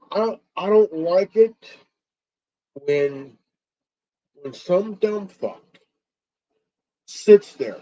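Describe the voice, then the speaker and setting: A man ranting alone on his stream, angry, stumbling and repeating words, swearing and filling pauses with ums. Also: sits high, mellow. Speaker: stream host. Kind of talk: angry solo rant. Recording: dull lo-fi stream audio.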